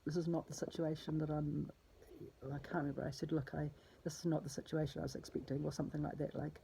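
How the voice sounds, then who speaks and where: A woman's voice: low voice, level tone, quick pace, mellow, a little hiss or hum, low-quality recording. A distraught woman talking through a personal spoken diary, rambling and swearing, often dropping into a whisper. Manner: drops to a husky whisper.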